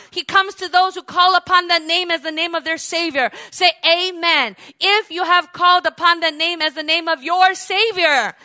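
A woman delivers a fervent sermon in a high voice. She swells to loud exclamations of praise and calls on the congregation to repeat after her. Her tone is bright and ringing. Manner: fervent, building to loud cries of hallelujah; leads the congregation in call-and-response. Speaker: preacher.

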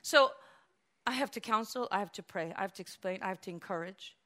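A woman pastor preaching a sermon, animated, swinging from hushed, quiet stretches to loud exclamations. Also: medium pitch, a little fast.

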